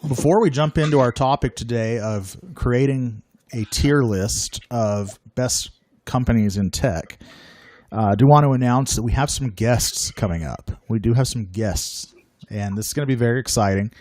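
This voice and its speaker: A man's voice: mid-range voice, moderate pace, darkish tone, dry recording. A man hosting a casual chat show, upbeat and joking, with a self-deprecating streak. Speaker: podcast host.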